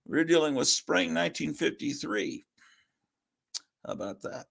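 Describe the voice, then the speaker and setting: A man's voice: fairly high pitch, lively intonation, measured pace, gravelly, a bit bright. A man hosting a casual livestream, rambling and self-deprecating as he reads old comics and swears under his breath. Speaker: host.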